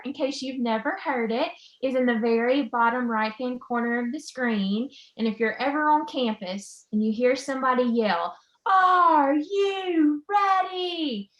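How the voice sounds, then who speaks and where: Upbeat woman, echoey room. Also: a little high. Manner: upbeat and enthusiastic, with frequent "um" fillers. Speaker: college admissions counselor. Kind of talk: informational presentation.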